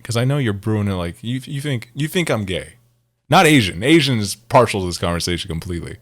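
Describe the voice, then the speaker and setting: A young man co-hosting a casual podcast, rambling and excitable, swearing and laughing loudly. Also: fairly low pitch, no room sound. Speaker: podcast co-host.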